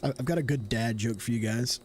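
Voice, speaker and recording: Fairly quick and medium-pitched, a young man from Tennessee talks through a horror game on stream. He rambles casually, thinking out loud and self-correcting, over slight background noise.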